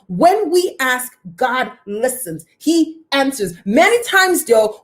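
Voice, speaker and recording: Animated woman telling her life story. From lives near Toronto. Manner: animated, greets viewers by name, dramatic pitch swings. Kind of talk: personal storytelling live stream.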